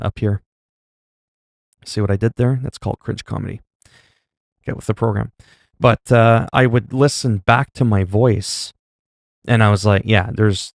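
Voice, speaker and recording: A man from Canada chatting casually on a livestream, with a mellow, soothing voice and a rambling, joking, foul-mouthed manner. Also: on the low side, no room sound, clean studio sound. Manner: rambling, joking, heavy swearing.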